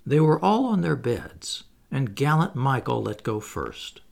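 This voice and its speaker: A man reading a children's story aloud as narrator, in an expressive, playful way. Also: mid-range voice, a little slow, gravelly. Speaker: audiobook reader.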